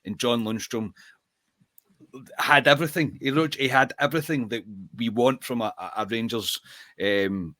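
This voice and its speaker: A man's voice: mid-range voice, normal speed, pushed and bright, dry recording. A man hosting a football podcast, talking earnestly and building with enthusiasm as he praises players. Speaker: podcast host. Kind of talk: casual football chat.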